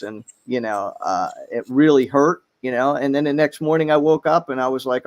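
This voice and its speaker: A middle-aged man talking as a podcast guest, halting, with many fillers and restarts. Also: mid-range voice. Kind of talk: casual chat.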